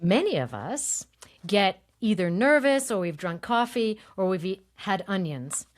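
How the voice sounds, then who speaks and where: A woman voice coach talking in an interview, explaining breath and voice with lively demonstrations and easy laughter. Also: medium pitch, unhurried. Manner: animated, demonstrates voice techniques, laughs easily. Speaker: voice coach guest.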